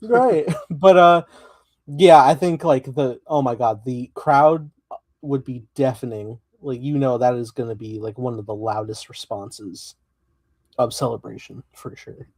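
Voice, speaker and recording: A young man with a warm, mellow tone chats as a podcast host, enthusiastic and giggly as he talks. The sound is dry and close, with no room echo. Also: mid-range voice, a little slow. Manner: enthusiastic, giggly fan talk. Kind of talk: casual chat.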